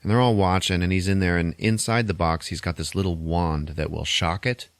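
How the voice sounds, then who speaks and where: A man casually recapping a film's plot on a podcast, loose and wry, swearing and tossing in quick mock voices for the characters. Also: low voice, steady tone, dry recording. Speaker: podcast host recapping a film. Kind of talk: casual chat.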